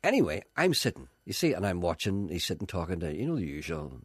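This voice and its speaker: Animated radio storyteller man. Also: deep voice, quick pace, slightly rough, dry recording. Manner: animated, acts out voices in anecdotes. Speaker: radio presenter.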